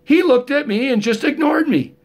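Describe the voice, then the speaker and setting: A middle-aged man vlogs a casual monologue, rambling through jokey, rough-edged stories. His pitch is extremely high yet his tone is darkish, and he talks at a normal speed.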